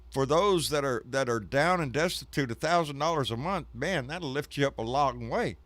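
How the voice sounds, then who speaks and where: A man co-hosting a casual live show, chatting about politics and getting heated and animated when passionate. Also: mid-range voice, moderate pace, no echo. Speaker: co-host.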